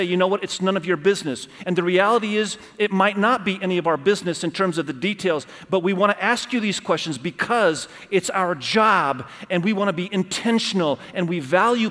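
A man's voice: fairly high pitch, a bit bright. A middle-aged man preaching a sermon as pastor, earnest and emphatic, driving home key phrases by repeating them. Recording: long reverb of a large hall.

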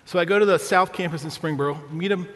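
A man's voice: fairly high pitch, fast talker, a bit bright, long reverb tail. A male pastor preaching a sermon, telling a family story with humor and often asking the congregation "right?".

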